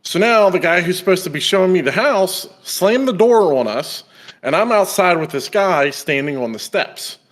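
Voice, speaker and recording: Casting: young male podcast host, lively storyteller, slightly higher voice. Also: moderate pace. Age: young adult. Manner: animated storyteller, acts out quoted voices. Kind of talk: casual storytelling.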